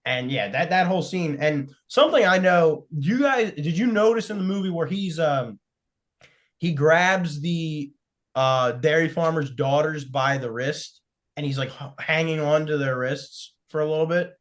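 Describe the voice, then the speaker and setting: A man's voice: a little high, normal speed. A man hosting a podcast, chatting casually about a film, rambling with many fillers and restarts. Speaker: podcast host.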